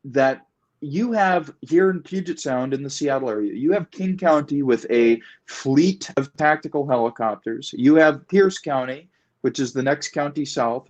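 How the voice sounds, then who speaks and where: A man talking in a political discussion, emphatic and repetitive, building his points in long animated runs. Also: mid-range voice, muffled recording. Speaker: guest. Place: Puget Sound area.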